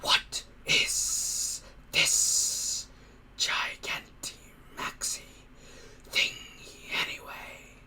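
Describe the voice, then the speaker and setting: A man voicing a dim-witted tentacled underground monster in a slow, hissing whisper. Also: sharp tone, exaggerated voice. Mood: puzzled.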